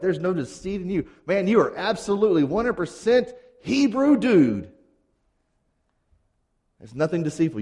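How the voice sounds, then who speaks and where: A man preaching a sermon in a conversational, animated way, acting out quotes casually. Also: mid-range voice. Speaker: pastor. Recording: long hall reverb.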